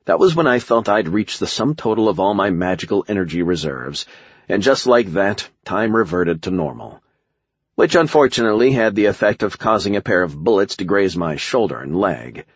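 Deep, husky-voiced wry male narrator. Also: very animated, moderate pace, dry recording, muffled recording. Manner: wry, sardonic. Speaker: audiobook narrator. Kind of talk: first-person audiobook narration.

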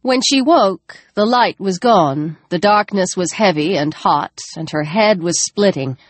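A woman narrating a tense, dramatic novel, dropping her voice low for grim moments. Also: expressive, measured pace, no room sound. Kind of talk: audiobook narration.

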